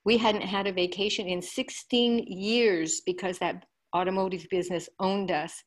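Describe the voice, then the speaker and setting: A woman's voice: mid-range voice, steady tone, moderate pace. An older woman sharing an enthusiastic personal testimonial, telling her story with eager storytelling energy.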